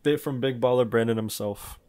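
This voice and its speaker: A man's voice: mid-range voice, fairly quick, a little mellow, dry recording. A man in casual podcast chat, dropping dry joking asides.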